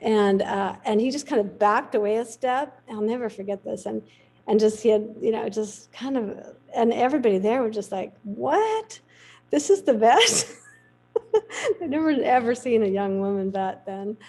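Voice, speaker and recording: A middle-aged woman, a veterinarian, telling a lively anecdote in a podcast interview. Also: medium pitch, moderate pace, poor audio. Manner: lively anecdotal storytelling, acts out quoted voices. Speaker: veterinarian guest.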